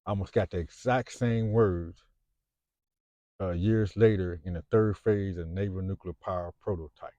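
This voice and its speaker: A man's voice: sits low, steady tone, normal speed, mellow, no echo, dull audio. A man in his fifties with a Chicago accent, talking to camera in a rambling, unscripted monologue. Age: 50s. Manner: rambling, frequent fillers and restarts. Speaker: vlogger.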